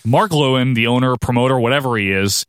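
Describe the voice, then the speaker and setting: A man's voice: medium pitch, fast, fairly bright tone, smooth, dry recording, clean studio sound. A man co-hosting a podcast, recapping in a casual, wry way and laughing often. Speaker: podcast co-host.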